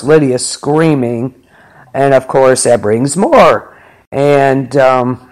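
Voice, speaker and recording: A man's voice: mid-range voice, a little mellow. A man hosting a podcast, recapping a show episode in a rambling, filler-heavy way. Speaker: podcast host. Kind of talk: casual episode recap chat.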